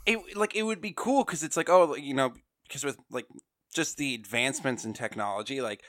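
A man's voice: medium pitch, a little fast, fairly bright tone, no echo, studio quality. A man co-hosting a casual fan podcast, eager and rambling, full of likes and ums. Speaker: podcast co-host.

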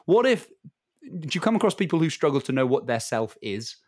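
A man's voice: on the high side, sing-song, brisk, darkish tone, no echo, studio quality. A man hosting a casual podcast interview, teasing his guest, laughing often and asking probing questions. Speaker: podcast host.

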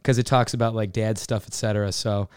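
Quick, smooth-voiced young podcast host. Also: male voice, on the low side, steady tone, darkish tone, dry recording, studio quality. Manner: quick, easygoing, introduces clips. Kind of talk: casual podcast chat.

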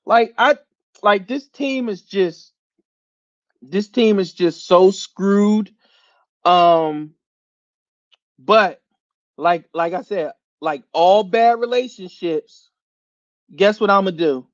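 Philly podcast host, high male voice, dry and slightly dull sound, animated profane sports rant. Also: slow pace, pauses often, no room sound. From Philadelphia area. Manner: animated, laughing, slangy and profane.

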